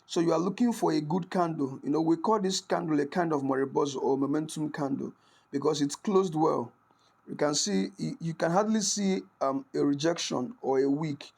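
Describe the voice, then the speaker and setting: Fairly high in pitch, gravelly yet a little mellow, this man's voice carries a casual screen-recorded forex trading lesson. He frequently checks in with "right?" and often backs up to restart or correct what he's saying.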